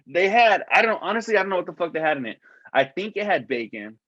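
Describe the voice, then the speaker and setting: A man's voice: high voice, sing-song, fast talker, a bit bright, no echo, lo-fi sound. A man co-hosting a podcast, telling long rambling stories full of swearing and calling his friend "dog". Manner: profane, rambling storyteller, says "dog" a lot. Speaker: podcast co-host. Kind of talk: casual chat.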